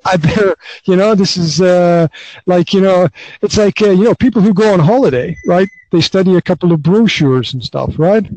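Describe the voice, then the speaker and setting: A man's voice: high voice, normal speed, a little mellow, no echo, poor audio. A man hosting a podcast, talking in a rambling, casual way with lots of fillers, restarts and tag questions like "right?". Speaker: podcast host. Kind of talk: casual conversational podcast chat.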